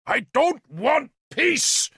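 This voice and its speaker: Brief: a man voicing a vengeful warlord king in an audiobook, raised pitch, gravelly, shouted threats. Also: expressive, normal speed, no room sound, clean studio sound, full character voice. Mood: furious. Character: raging one-armed warlord king, cruel, vengeful.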